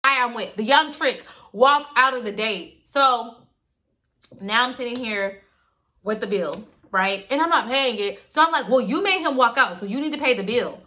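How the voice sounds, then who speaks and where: A young woman recounts a personal story in a casual, chatty monologue. Her voice is slightly high and bright, and she keeps it animated by acting out the people in the story. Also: moderate pace. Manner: animated, acts out quotes in shifting voices. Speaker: YouTuber telling a story.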